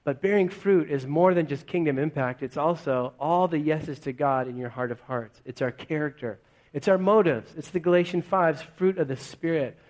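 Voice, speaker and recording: A man's voice: fairly high pitch, moderate pace, a little mellow. A male pastor preaching to a congregation in church. His voice sits a little above the usual male range, and he keeps it conversational, asking the room question after question. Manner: conversational, full of rhetorical questions. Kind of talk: sermon.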